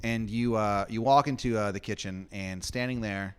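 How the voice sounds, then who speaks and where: A man running a comedic improvised story game in a rambling, deadpan way, swearing casually. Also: lowish voice, normal speed, clear, resonant tone. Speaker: game master.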